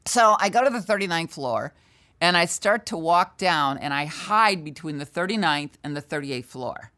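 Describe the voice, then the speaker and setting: Low-voiced older woman telling a story. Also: moderate pace. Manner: animated, candid, self-deprecating storyteller. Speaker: sales trainer, guest. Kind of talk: storytelling in a conversational interview.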